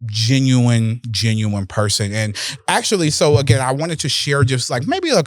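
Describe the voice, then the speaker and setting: A male podcast host telling a personal story in a casual, animated way, swearing freely and laughing often. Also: medium pitch, no echo, studio quality.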